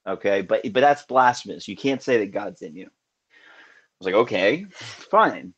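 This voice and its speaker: A man's voice: lowish voice, a little fast, husky, lo-fi sound. Earnest, musing man hosting a live show. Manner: earnest and musing, with many restarts. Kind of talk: casual live call-in chat.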